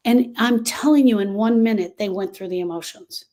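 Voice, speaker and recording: A woman in her sixties, a grief coach, teaching a group in a lively, conversational storytelling way. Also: medium pitch, a little fast, hardly any pauses.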